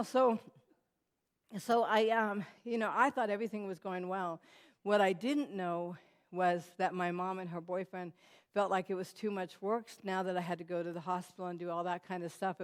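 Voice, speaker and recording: A guest speaker with a lowish voice shares her personal testimony with a church audience in a church hall. She tells her story conversationally, speaking straight to listeners with many fillers and restarts.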